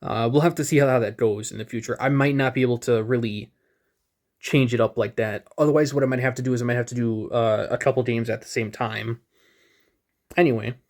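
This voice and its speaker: A man in his twenties rambles loosely through his old gaming videos, chuckling and poking fun at himself. His voice is medium-pitched and a little mellow, with fairly even intonation and a slightly fast pace.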